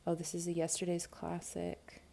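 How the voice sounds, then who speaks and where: A woman in her thirties talks through a casual unboxing at home, thinking aloud and filling pauses with ums. Her voice sits a little low and has a gravelly, fry-laden edge. A faint hiss of noise lies under the tripod camera recording. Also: monotone, mellow. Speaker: homeschool vlogger. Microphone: camera mic on a tripod.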